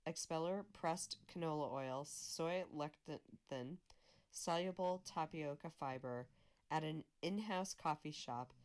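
A woman volunteer reader reading a magazine article aloud in a steady, measured way, with small slips she corrects herself. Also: low-pitched.

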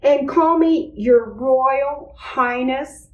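A woman's voice: high-pitched, drawn-out words, reverberant, dull audio, voice pushed up. A woman voicing a bossy, teasing little sister in a storybook reading. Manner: teasing, smug.

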